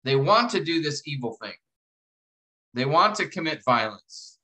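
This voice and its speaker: A man lecturing to a class, walking students through an assignment step by step, restarting phrases and slowing down to read verses aloud. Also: a little high, big pitch swings, pushed and bright, rough recording. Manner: explanatory, repeats and restarts phrases, reads verses slowly. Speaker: instructor.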